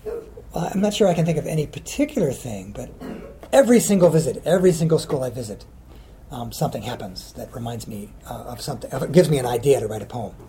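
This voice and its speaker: A man's voice: mid-range voice, sing-song, quick pace, mellow. A middle-aged man, a children's poet, answering interview questions casually, rambling and hesitant with many ums.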